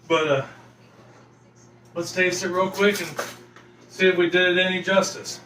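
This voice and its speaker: A man in his thirties talks loosely through a home cooking vlog from his kitchen. His voice is bright and forceful, and he wanders from thought to thought with plenty of ums and uhs. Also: sits high, little pitch movement, a little slow, a little hiss or hum. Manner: rambling, filler-heavy, folksy. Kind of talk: casual cooking vlog chat.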